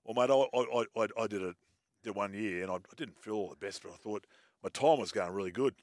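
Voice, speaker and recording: A man's voice: fairly low pitch, a little mellow, dry recording, studio quality. A former player chatting casually, tripping over and repeating his words. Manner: fast, stumbling, repeats words. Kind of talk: casual sports chat.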